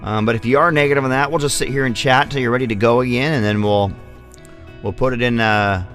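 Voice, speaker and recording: A man's voice: mid-range voice, fairly even intonation, quick pace, fairly bright tone, faint music behind. Rambling, profane male vlog host. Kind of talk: casual storytelling.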